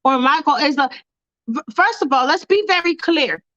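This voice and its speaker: A woman's voice: sits high, animated, moderate pace, sharp tone, no room sound, dull audio. A woman hosting a fan livestream, ranting bluntly and with lots of swearing while talking to her chat. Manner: blunt, profane, fired-up, talks to chat. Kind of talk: casual livestream rant.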